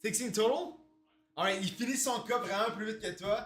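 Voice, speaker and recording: A man's voice: sits high, brisk, fairly bright tone. A man with a Quebec French accent narrating as game master in a loose, filler-heavy way. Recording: roomy echo, faint noise.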